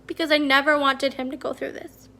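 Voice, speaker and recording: High, bright-voiced mom talking candidly. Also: female voice, level tone, a little fast. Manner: candid, chatty storytelling with many fillers. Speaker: homeschooling parent and consultant. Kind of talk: casual personal vlog talk.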